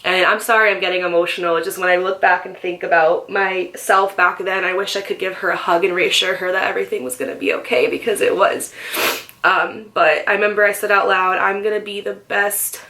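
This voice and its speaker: A woman's voice: fairly low pitch, steady tone, brisk, sharp tone. A woman in her twenties telling her own life story in a candid, emotional vlog, full of "like" and "um". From Northeastern US. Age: 20s. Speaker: vlogger.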